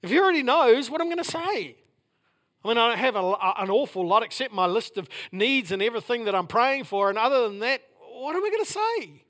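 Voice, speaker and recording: A man preaching a sermon in a high voice. He stacks repeated phrases and swings from loud, ringing declarations to soft, near-whispered lines. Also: lively intonation, brisk. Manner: repetitive, building phrases. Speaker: pastor.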